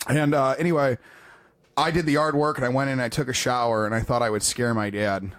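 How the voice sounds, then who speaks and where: A man's voice: mid-range voice, fairly even intonation, fast, fairly bright tone. A man co-hosting a podcast in casual chat, telling crude anecdotes with swearing. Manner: profane, anecdotal storytelling. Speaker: podcast co-host.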